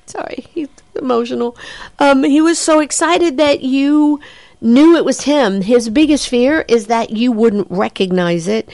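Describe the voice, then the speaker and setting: A woman psychic medium talks through a reading in a lively, chatty way, full of ums and quick apologies. She keeps jumping into excited, higher quoted voices as she relays what she hears. The sound is dry and close, with no room around it. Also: dry recording. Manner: animated, breaks into excited quoted voices of the spirit, frequent fillers and apologies. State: says she has a headache.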